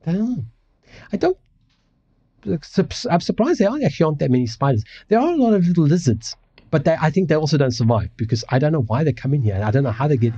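A man rants casually on his livestream, rambling, restarting and cursing freely. His voice is husky and mellow, with a pitch that swings a lot. The audio is dull and lo-fi, as if streamed from home. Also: very animated, fast. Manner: rambling, swearing, many restarts. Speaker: livestream host. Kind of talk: casual ranting chat. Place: home apartment.

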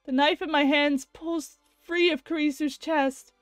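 A woman's voice: high-pitched, steady tone, measured pace, no room sound, faint music behind. A woman voicing a guilt-stricken young male scientist, narrating with anguish as she reads a visual novel aloud. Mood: shattered. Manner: anguished first-person narration.

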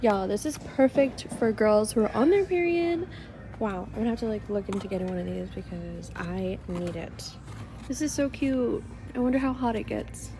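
A woman's voice: medium pitch, moderate pace, dark tone, slight background noise. A bubbly young woman in her twenties, chatting playfully on a handheld camera while walking through shops. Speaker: vlogger. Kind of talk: casual vlog chat. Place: shops and a restaurant, indoors.

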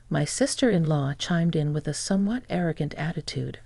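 A narrator gives a steady, scripted reading of a first-person story, delivering the quoted lines in the same even voice. The mid-range voice is dark with a gravelly, husky edge, a little fast with few pauses. The room has no echo at all.

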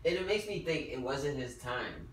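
A man's voice: medium pitch, big pitch swings, normal speed. A man co-hosting a podcast, chatting casually and rambling with restarts and lots of "like". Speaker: podcast co-host. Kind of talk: casual chat. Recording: roomy, distant mic, faint noise.

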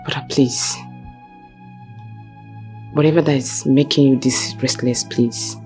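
A young Nigerian sister with a low, unhurried voice, earnest and imploring. Her Nigerian English accent comes through as she talks. A film score plays clearly behind her. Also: steady tone. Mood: pleading. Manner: earnest, pleading. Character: young woman pleading with her distressed brother. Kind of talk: Nollywood film acting. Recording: soft music in the background.

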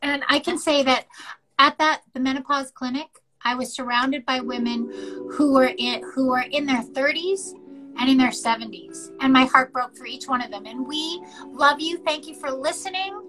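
A high-pitched middle-aged woman from Canada talks in a casual podcast chat. She tells her story candidly and with energy, acting out what others said to her. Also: normal speed, soft background music, poor audio. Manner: candid, animated storytelling with quoted dialogue. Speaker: podcast co-host.

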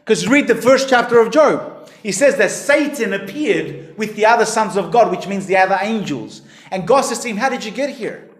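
A man preaching a sermon as pastor, emphatic, his voice rising and falling in pitch and volume. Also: animated, moderate pace. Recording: echoey hall.

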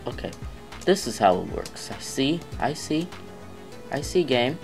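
This is a man talking through a video game as he plays it, taking his time between moves. His voice swings widely, leaping up into yelps and sinking into groans each time something catches him off guard. Faint game music runs quietly behind him. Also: mid-range voice, sing-song, unhurried, gravelly. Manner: reactive, yelps and groans at failures. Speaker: gamer. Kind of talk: let's play commentary.

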